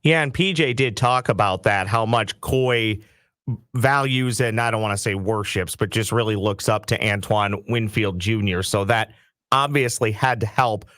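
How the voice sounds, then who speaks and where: A man's voice: on the low side, normal speed, fairly bright tone, dry recording, studio quality. A man co-hosting a sports chat show, talking earnestly and building his point through repetition. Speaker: sports podcast co-host.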